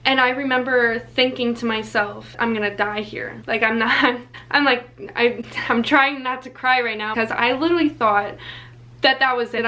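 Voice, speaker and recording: A woman's voice: on the high side, sharp tone. A young woman vlogger earnestly telling a personal story in a casual storytime style. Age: young adult. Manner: candid, earnest retelling.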